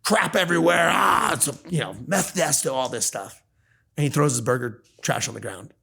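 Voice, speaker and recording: A man's voice: a little high, normal speed, vocal fry, slightly rough. A man hosting a podcast, chatting casually and earnestly, telling stories and acting out the people in them. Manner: earnest, animated storyteller acting out quoted voices. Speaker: podcast host. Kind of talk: casual conversation, storytelling.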